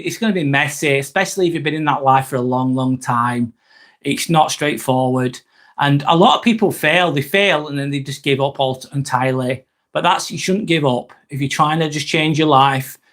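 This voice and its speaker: This is casual live-stream chat from a middle-aged Englishman who rambles candidly and reads viewers' comments out loud. His voice sits a little high and has a fairly bright tone.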